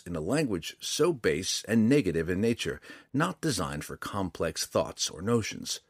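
Low husky guy reading a fantasy audiobook, very expressive, dry close mic. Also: dry recording. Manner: measured, expressive storytelling. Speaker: audiobook narrator. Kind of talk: scripted fantasy narration.

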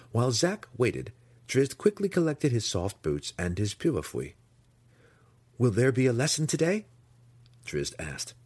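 Deep, husky male audiobook narrator. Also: no echo. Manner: expressive storytelling with voiced characters. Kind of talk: scripted fantasy narration.

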